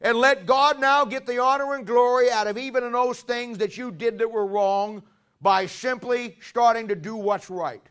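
A man preaching a sermon who questions the congregation and drives his points home with loud, emphatic stresses. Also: very high-pitched, moderate pace, clear, resonant tone.

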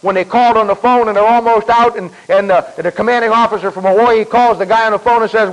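A man preaching a sermon in a folksy, emphatic way, repeating himself and clearing his throat often. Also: high voice, steady tone, fast talker, hardly any pauses, low-quality recording.

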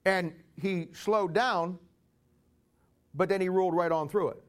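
Male pastor delivering a sermon, emphatic and sarcastic, with a somewhat high voice. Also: steady tone, unhurried.

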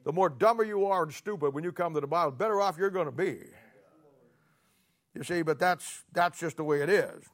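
High-voiced folksy preacher. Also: male voice, a little fast. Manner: folksy, sarcastic preaching with rhetorical questions. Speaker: pastor. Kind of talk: sermon.

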